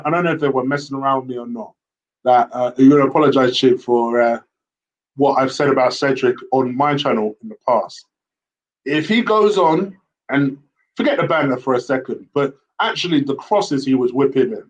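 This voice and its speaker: A man giving casual football player ratings, relaxed and a little hesitant with many fillers. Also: on the high side, rough recording. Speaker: host football pundit.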